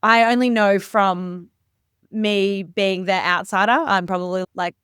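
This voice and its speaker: A woman host, asking long, gently rambling questions and affirming her guest. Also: medium pitch, steady tone, measured pace, clear, resonant tone, no echo, studio quality. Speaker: podcast host. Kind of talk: interview conversation.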